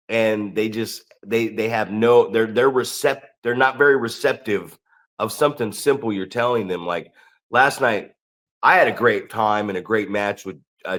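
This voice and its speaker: A man's voice: medium pitch, a bit bright. Rambling, profane man wrestler. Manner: rambling, profane, with frequent restarts. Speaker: podcast co-host, pro wrestler. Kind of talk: casual chat.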